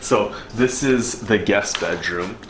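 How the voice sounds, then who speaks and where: Strolling around his apartment at home, an upbeat fitness vlogger in his twenties talks casually to the camera. He speaks slowly in a lowish voice, and the recording sounds roomy with background noise.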